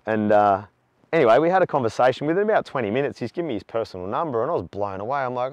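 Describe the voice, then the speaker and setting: A man's voice: medium pitch, fast talker, no room sound. Talkative Australian man in his forties. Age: 40s. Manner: talkative, animated when retelling stories. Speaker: charity walker. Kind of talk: candid conversational storytelling.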